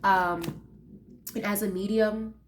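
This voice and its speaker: A woman's voice: medium pitch, steady tone, slow pace, a little hiss or hum. Chatty woman with a nasal voice. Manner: chatty, loose, full of fillers and asides. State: nasal from allergies. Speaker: tarot reader. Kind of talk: casual tarot reading.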